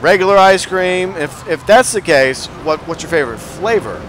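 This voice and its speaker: Casting: jokey gamer guy, slightly high voice, narrating his play over loud game car noise. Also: expressive, moderate pace. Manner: playful, jokey, talks to viewers. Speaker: let's play host. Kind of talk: casual gameplay commentary. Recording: game sound audible behind the voice. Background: game car and city sounds.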